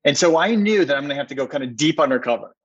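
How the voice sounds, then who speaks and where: A man's voice: fairly high pitch, animated, rapid-fire, no echo. Guy telling a long story on a podcast, earnest, keeps repeating words, muffled dull audio, dry. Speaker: podcast guest, company co-founder.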